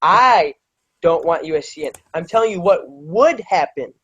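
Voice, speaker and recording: Combative high-voiced man, dull lo-fi sound. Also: animated, moderate pace, a bit bright, breathy edge. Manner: combative, sarcastic, interrupts. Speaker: podcast co-host. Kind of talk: casual sports debate.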